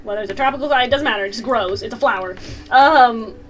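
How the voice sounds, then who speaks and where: Giggly high-voiced woman game master. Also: fast talker, crowd noise, poor audio. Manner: giggly, lots of fillers. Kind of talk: narrating a tabletop game.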